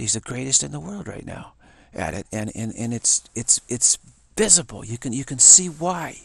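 A man with a gravelly, slightly husky voice talks on in a loose, rambling monologue, stumbling over restarts and repeated words. His pitch sits mid-range, he grows animated and excited as he talks, and the sound is dry and close. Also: moderate pace, dry recording. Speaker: talk host. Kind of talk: casual monologue.

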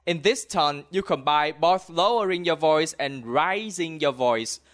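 A man with a Southern Vietnamese accent teaching a language lesson, modelling words slowly and having the listener repeat after him. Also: a little high, a bit bright, faint music behind. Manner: models words slowly, then prompts repetition. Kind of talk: slow spoken language lesson.

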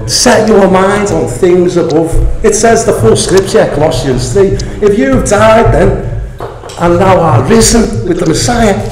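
A man preaching a sermon, emphatic and animated, often laughing at his own asides. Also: high-pitched, a little slow, echoey room, crowd noise, low-quality recording.

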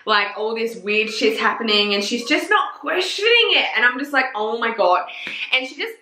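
A woman's voice: a little high, very animated, moderate pace, pushed and bright. A young woman reviewing books in a casual chat, gushing and swearing a lot, with plenty of "like" fillers. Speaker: book reviewer. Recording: echoey room.

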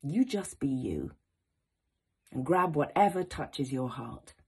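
A woman actor giving an encouraging, expressive educational talk to young people. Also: deep voice, slow pace, slightly rough. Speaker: actor teaching students.

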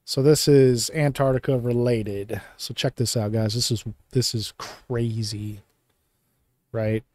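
A man's voice: medium pitch, steady tone, takes it slowly, a little mellow. A man co-hosting a podcast, chatting loosely and joking as he hunts for a topic. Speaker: podcast co-host. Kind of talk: casual chat.

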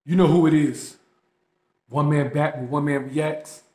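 A man's voice: a little high, fairly even intonation, measured pace, dark tone. A man hosting a reaction video, talking casually and emphatically to viewers with plenty of slang. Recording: echoey room.

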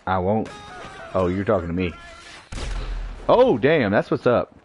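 A man's voice: on the low side, big pitch swings, measured pace, highs cut off, faint music behind. A man streaming an online shooter game, joking, swearing and talking to himself and his teammates as he plays. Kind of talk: live gameplay commentary.

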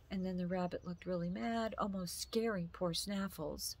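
A woman reading a children's story aloud slowly and gently. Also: fairly low pitch, fairly even intonation, creaky, slight background noise.

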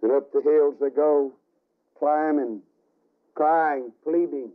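A man preaching a fiery revival sermon, telling the story dramatically with sudden shouts and hushed asides. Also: a little high, fairly even intonation, slow. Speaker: evangelist. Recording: tinny archival radio broadcast.

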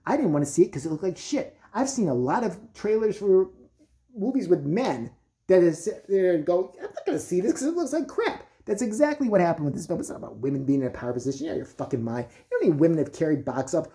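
A man's voice: on the high side, lively intonation, fast talker, warm tone. A man delivering an angry, profane, sarcastic rant as a vlogger. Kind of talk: angry ranting commentary.

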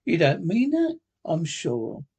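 A man's voice: on the high side, huge pitch swings, takes it slowly, gravelly, husky, exaggerated voice. A man doing a cheery, eager young nephew. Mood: cheerful. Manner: bright, eager, pleading.

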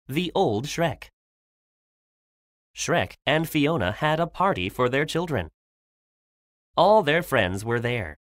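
A woman slowly and clearly reading a simple English storybook aloud for learners, with lively expression. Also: no echo, clean studio sound. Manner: very lively pitch, raises her voice for quoted lines. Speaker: reader of a graded English storybook.

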